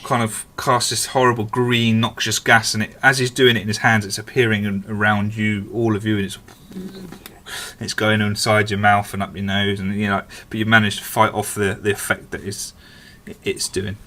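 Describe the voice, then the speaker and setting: A man's voice: on the low side, flat delivery, normal speed, bright, forceful tone, slight background noise. A man narrating as dungeon master, hesitant and full of fillers. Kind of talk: narrating a tabletop game.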